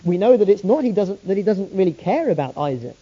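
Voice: medium pitch, very animated, a little fast, dark tone, breathy edge. A preacher giving a sermon, telling the story with earnest rhetorical questions, on a dull lo-fi recording.

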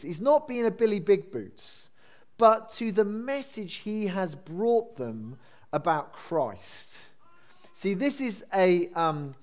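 A man preaching a sermon in a conversational, self-deprecating storytelling way with frequent fillers. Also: high-pitched. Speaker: pastor.

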